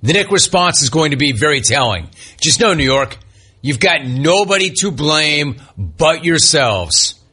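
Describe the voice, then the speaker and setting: A man's voice: a little high, sing-song, measured pace, pushed and bright, breathy edge. A man hosting a sports talk radio show, delivering his opinions in an emphatic, punchy way from a studio.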